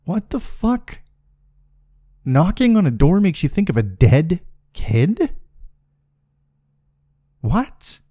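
A man voicing an ordinary bystander who reacts with shrill disbelief. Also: sing-song, slow, long pauses, mellow, breathy edge, no room sound, studio quality, heavily acted. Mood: incredulous. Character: baffled ordinary man, incredulous.

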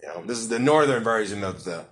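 A man's voice: on the low side, lively intonation, fast. A man hosting a podcast interview, joking, rambling and swearing freely. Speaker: podcast host. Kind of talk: casual interview chat.

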